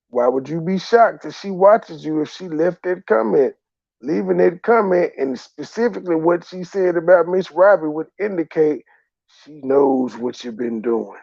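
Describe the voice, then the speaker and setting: A man's voice: a little high, unhurried, creaky, darkish tone, no echo, dull audio. A man hosting a reaction commentary, profane, ranting and taunting. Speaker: host.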